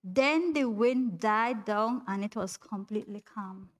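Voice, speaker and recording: A woman's voice: medium pitch, a little slow. A woman giving an informal sermon in a chatty way, laughing often and calling on listeners by name. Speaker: preacher.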